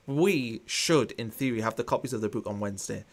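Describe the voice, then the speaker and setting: A man's voice: mid-range voice, fairly quick. A man hosting a live football watchalong, chatting casually and reading out viewer comments with a dry, mildly sarcastic tone. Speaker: watchalong host.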